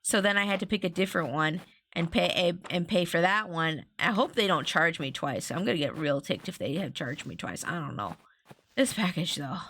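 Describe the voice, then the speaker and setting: Chatty woman streamer, bright lower voice. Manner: rambling, chatty, often restarting sentences; talks to viewers and reads chat aloud. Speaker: streamer playing a farming game. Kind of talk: casual live-stream chatter. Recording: faint game music underneath.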